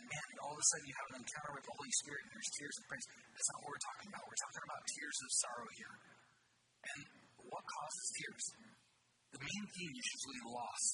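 A man preaching a sermon with earnest, animated delivery that swoops suddenly high on key words. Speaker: pastor. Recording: distant mic with loud background noise.

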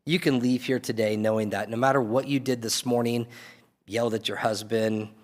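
Speaking at a normal speed in a medium-pitched voice with fairly even intonation, this pastor delivers an earnest, pleading sermon that rises to emphatic peaks. The long reverb of the church hall fills the recording.

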